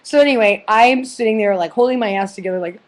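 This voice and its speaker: A woman's voice: medium pitch, fast talker. Rambling, profane woman telling a story. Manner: rambling, profane, lots of fillers. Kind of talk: casual personal storytelling.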